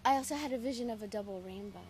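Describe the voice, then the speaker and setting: An actress playing a gossipy young female seer vampire, chatty and quick. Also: on the high side, close to an everyday voice.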